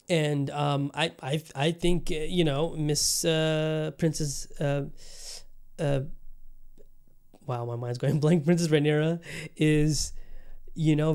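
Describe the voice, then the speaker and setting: A man's voice: fairly high pitch, a little mellow, clean tone. A man hosting a podcast in casual chat, rambling with many fillers and restarts. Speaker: podcast host.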